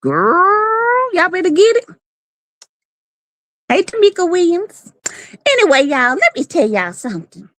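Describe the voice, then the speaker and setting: Sassy woman for a live-stream chat, high voice that swings all over, dry close sound. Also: sing-song, measured pace, long pauses, a bit bright, no echo. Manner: sassy, playful, greets viewers by name.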